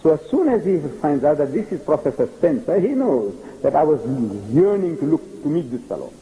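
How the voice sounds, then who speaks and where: An older man, giving an animated public religious lecture and telling stories with acted-out dialogue. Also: on the high side, brisk, poor audio. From South Africa. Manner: animated storytelling, acting out dialogue. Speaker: preacher.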